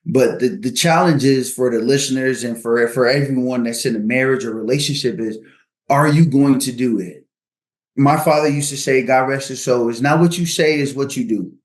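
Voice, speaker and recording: A man's voice: mid-range voice, moderate pace. Male podcast guest, earnest advice-giver, mid-range voice, recorded in a roomy, echoey space. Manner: earnest, uses sports analogies.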